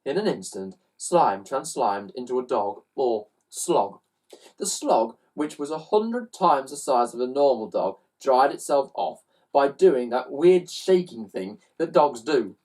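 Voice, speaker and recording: A woman reads a children's story aloud, slow and low-pitched, her pitch swinging widely as she throws in sound effects. Her voice is husky and picked up from a little way off the mic. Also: recorded from a distance. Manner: animated, with loud sound effects.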